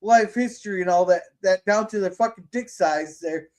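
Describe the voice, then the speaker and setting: A man's voice: sits high, moderate pace. A man hosting a podcast in heated casual political chat, indignant, swearing, and stumbling over restarts. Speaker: podcast host.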